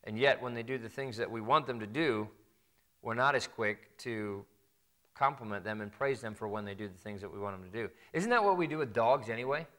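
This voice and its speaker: A man preaching a sermon in a conversational way, acting out parents and children in quick quoted asides. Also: mid-range voice, bright, forceful tone. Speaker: pastor.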